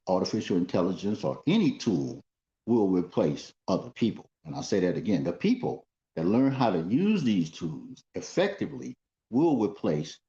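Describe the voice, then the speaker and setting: Man hosting with lively swooping pitch. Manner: halting, many fillers, lively pitch. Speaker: show host. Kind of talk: online panel talk show. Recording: roomy, dull lo-fi sound.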